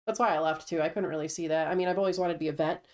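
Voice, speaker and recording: A woman's voice: sits low, steady tone, racing, a little mellow. A woman chatting casually with a friend on a stream, telling stories in a matter-of-fact way. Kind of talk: casual chat.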